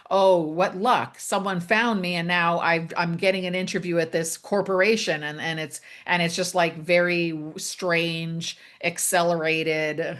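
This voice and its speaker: A woman in her fifties with a lowish voice, talking casually as a guest. She rambles through her thoughts with many fillers and small laughs. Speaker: author and guest. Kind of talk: casual conversation.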